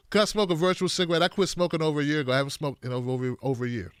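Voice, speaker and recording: A man's voice: fairly high pitch, fairly even intonation, rapid-fire, hardly any pauses, smooth, no echo, studio quality. A man hosting a comedic political commentary, riffing animatedly with exaggerated jokes.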